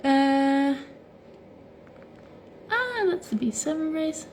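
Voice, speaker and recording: A woman's voice: sits high, drawn-out words, a little hiss or hum. A young woman hosting a casual livestream from home on her phone, chatting easily with lots of "like" fillers as she answers viewer comments. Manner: relaxed and chatty, many "like" fillers. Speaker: livestream host. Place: at home while stretching.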